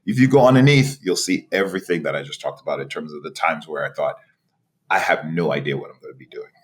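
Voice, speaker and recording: A man in his forties from New York, a podcast guest telling his career story in an animated way, with many restarts and a repeated "right?". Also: very deep voice, quick pace. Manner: animated, frequent laughs and restarts, rhetorical "right?". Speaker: podcast guest, executive director. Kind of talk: storytelling interview.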